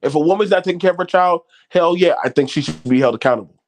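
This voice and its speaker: A middle-aged man with a higher-pitched voice talks fast as he hosts his own channel. His unscripted commentary is aimed straight at viewers, blunt and full of swearing, and he often repeats words and restarts his lines.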